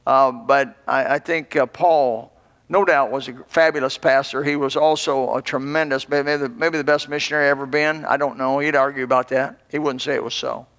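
A man's voice: mid-range voice, fairly even intonation, normal speed, fairly bright tone. A man in his sixties, a pastor giving a folksy, rambling sermon full of restarts. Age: 60s. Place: church. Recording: long hall reverb.

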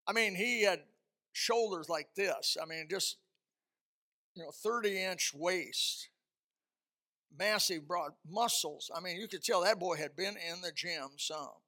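A man delivers a storytelling sermon in a high, ringing voice with a forceful edge. He hammers points home by repeating words and lets his voice swell louder when he drives a lesson in. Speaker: preacher.

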